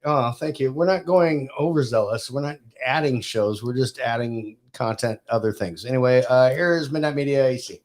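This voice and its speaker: A man's voice: mid-range voice, normal speed, few pauses, darkish tone. A man co-hosting a podcast in casual chat, laughing often. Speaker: podcast co-host.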